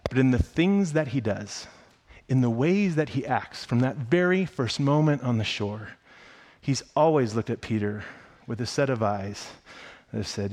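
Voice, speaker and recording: A pastor preaches a sermon, unhurried, telling the story with excitement. He acts out the characters' lines in a higher voice.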